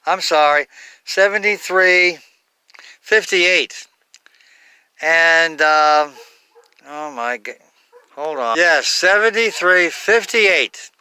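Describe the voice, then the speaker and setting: A man giving an unscripted Bible talk, halting, with many fillers and self-corrections. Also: a little high, sharp tone, clear, resonant tone, no room sound. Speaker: Bible teacher.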